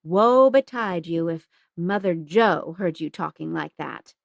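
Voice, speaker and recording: A woman voicing a stern, flustered young nun who scolds in a shrill voice, read as an audiobook. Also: lively intonation, measured pace, vocal fry, no echo. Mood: scolding. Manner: scolding, shrill when cross.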